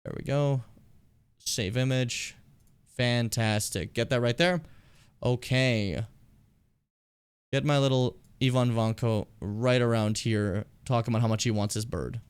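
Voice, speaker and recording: A man streaming a game, chatting and rambling in a casual, animated way between game lines. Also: mid-range voice, measured pace, smooth, no echo. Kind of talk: casual gameplay commentary.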